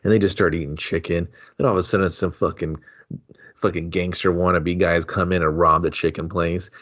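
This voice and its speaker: A man's voice: deep voice, steady tone, brisk, fairly bright tone, highs cut off. A man co-hosting a movie podcast, riffing in a crude, joking way in casual chat. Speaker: podcast co-host. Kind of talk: casual comedic movie talk.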